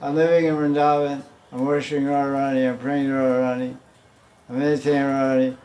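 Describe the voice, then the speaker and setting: A man's voice: mid-range voice, little pitch movement, fast, warm tone. A man teaching a devotional class in a loose, conversational way, often chuckling and acting out the pleas he quotes. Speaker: spiritual teacher.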